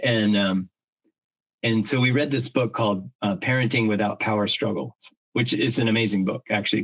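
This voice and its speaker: A man's voice: fairly low pitch, a bit bright, poor audio. Earnest middle-aged man thinking aloud. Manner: earnest, reflective, thinks aloud with many restarts; swears casually. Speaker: podcast co-host. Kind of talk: casual conversational chat.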